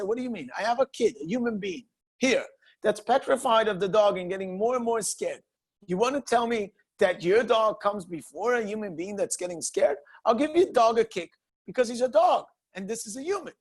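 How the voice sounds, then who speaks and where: A rabbi teaching students in an informal walking class, with a fairly high voice for a man. He argues his case with rhetorical questions that he answers himself. His delivery is animated and full of restarts. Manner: argumentative, poses rhetorical questions and answers them.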